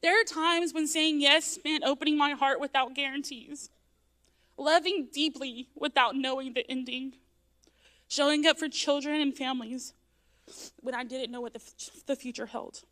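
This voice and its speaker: A woman with a high, steady voice speaks at a moderate pace, her tone pushed and bright. She is an adult church member raising young children, giving an earnest personal testimony in a church sanctuary, sometimes close to tears.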